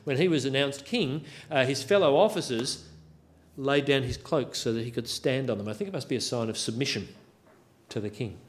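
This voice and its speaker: A man's voice: mid-range voice, fairly quick. Male preacher, wry self-deprecating asides, sermon delivery.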